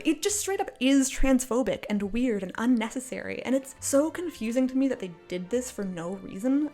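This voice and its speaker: A fairly high-voiced woman rants in a casual, exasperated and sarcastic way, often breaking into laughter. She talks from inside her apartment. Soft cafe music plays faintly behind her. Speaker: video creator. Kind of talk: casual commentary rant. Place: apartment, indoors.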